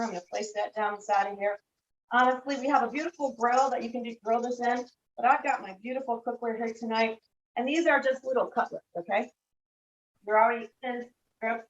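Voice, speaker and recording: A woman's voice: fairly high pitch, echoey room. A woman giving a casual cooking demonstration in a kitchen, chatty and keeps checking in with the viewer. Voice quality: chatty, keeps checking in with "okay?" and "all right?". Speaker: product demonstrator. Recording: dull lo-fi sound with faint noise.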